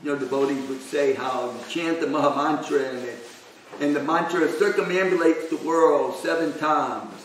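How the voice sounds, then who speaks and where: A man giving a devotional scripture class in a conversational way, full of "you know", then reading a passage aloud slowly and deliberately. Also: a little high. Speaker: class speaker. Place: temple hall. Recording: echoey room, distant mic, faint noise.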